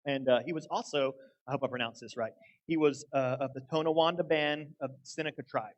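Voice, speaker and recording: A man's voice: mid-range voice, steady tone, brisk, poor audio. A young man preaching a sermon, folksy and earnest as he tells a story. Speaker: guest preacher.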